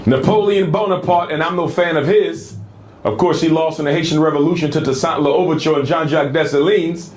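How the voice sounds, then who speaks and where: High-voiced man preaching in an echoey hall. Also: brisk, darkish tone. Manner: rhythmic, repetitive oratory with rising emphasis. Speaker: speaker addressing students. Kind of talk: impassioned lecture speech. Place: university lecture hall.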